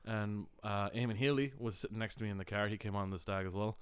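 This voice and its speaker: Guy, podcast co-host, smooth clear voice, lively yarn-spinner who swears a lot. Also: lowish voice, quick pace. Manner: animated storyteller, swears freely, many restarts. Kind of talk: casual chat.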